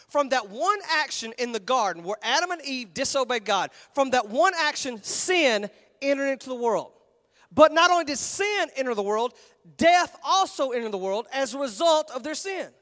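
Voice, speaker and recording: A Texan man preaches to a packed auditorium in a casual, lively way, slipping into little put-on voices. His voice sits unusually high for a man. The sound rings with a long hall reverb. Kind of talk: sermon. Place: large church auditorium.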